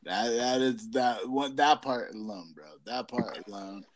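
A man co-hosting a podcast in casual chat, swearing constantly and giggling through animated stories. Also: medium pitch, a little slow, very noisy. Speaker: podcast co-host.

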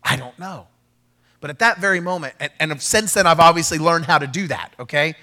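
A man, a pastor, preaching an animated sermon, acting out quoted conversations and rising to shouts. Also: on the high side, brisk.

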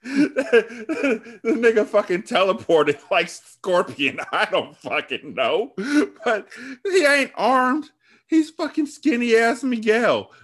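A man co-hosting a casual TV recap podcast, animated and profane, laughing often. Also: sits high, slow pace. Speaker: podcast co-host.

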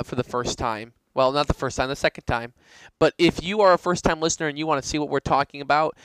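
A man's voice: fairly high pitch, fairly bright tone, smooth, dry recording, poor audio. A man co-hosting a casual podcast, friendly and playful, plugging the show's group. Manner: friendly, playful, laughs often. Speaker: podcast co-host.

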